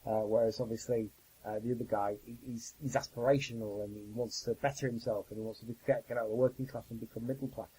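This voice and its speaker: A man hosting a podcast, talking in a thoughtful, measured way with some fillers. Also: medium pitch, steady tone, mellow, breathy edge, rough recording. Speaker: podcast host. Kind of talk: casual podcast chat.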